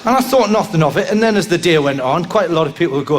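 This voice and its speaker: A man doing a live stand-up routine, rambling and tagging lines with "right?", breaking into sudden shouts. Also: on the high side, sing-song, brisk, faint music behind. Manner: bursts into shouts. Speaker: stand-up comedian. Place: live comedy venue with audience. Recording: live show with crowd noise.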